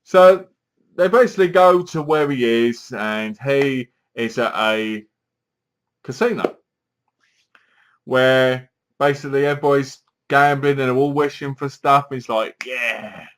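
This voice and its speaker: A man's voice: medium pitch, a little slow. A man giving a casual, rambling film review and acting out the characters' lines as he retells the plot.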